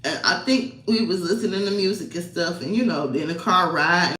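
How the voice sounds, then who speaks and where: A woman's voice: on the low side, sing-song, moderate pace, few pauses, a bit bright, roomy sound, slight background noise, low-quality recording. A woman vlogger telling a personal story in a casual, rambling, emotional way. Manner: rambling, emotional, fillers and laughs.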